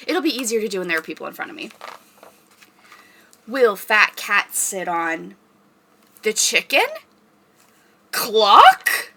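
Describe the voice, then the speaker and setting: A young woman rehearsing a children's story time, reading aloud in an animated, sing-song teacher voice and making animal noises. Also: medium pitch, moderate pace, pauses often, slight background noise.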